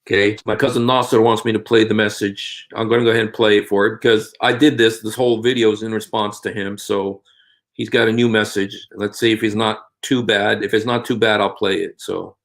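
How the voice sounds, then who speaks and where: A man's voice: fairly low pitch, flat delivery, a little fast, fairly bright tone. A man preaching earnestly in a video, pleading with viewers and repeating his phrases over and over. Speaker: Christian preacher and video host. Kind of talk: evangelistic vlog appeal.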